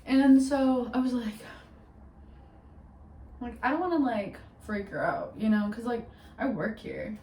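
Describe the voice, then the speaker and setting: Young woman vlogger, higher-pitched, chatty and rambly, roomy home sound, faint room noise. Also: measured pace, long pauses, darkish tone, far from the mic. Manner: chatty, rambling, full of "like" and "literally". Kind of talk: casual storytime vlog.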